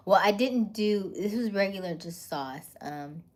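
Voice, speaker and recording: A woman hosting a casual livestream while eating dinner, chatting, greeting viewers by name, laughing often and sometimes dropping to a soft half-whisper. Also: mid-range voice, lively intonation, takes it slowly. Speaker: livestream host.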